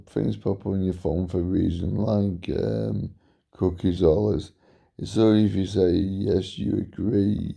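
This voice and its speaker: Man, vlog monologue, deep voice, very dark and husky tone, tired, meandering. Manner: meandering, repeats himself, sudden pitch jumps. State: tired, yawning. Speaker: vlogger. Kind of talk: rambling monologue to camera.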